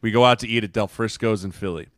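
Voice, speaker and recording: A man's voice: lowish voice, fairly even intonation, fast, a bit bright, dry recording, studio quality. A man co-hosting a football podcast, telling a team dinner story in casual chat with mocking quoted lines. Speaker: podcast co-host, former NFL lineman.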